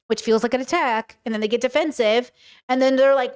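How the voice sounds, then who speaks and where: Lady podcaster going off on clips, high voice, hammers words over and over. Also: quick pace. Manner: emphatic, repeats words for effect. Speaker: podcast host reacting to clips. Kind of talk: casual commentary.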